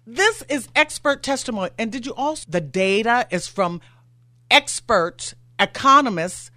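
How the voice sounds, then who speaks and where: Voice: mid-range voice, lively intonation, unhurried, sharp tone, no echo. A talk radio host in a studio, getting worked up and firing off rhetorical questions.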